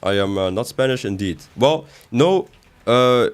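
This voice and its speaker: With a smooth mid-range voice, lively intonation and a measured pace, a young man chats while streaming a game live. He reads chat and jokes back at it, his voice jumping up when he objects.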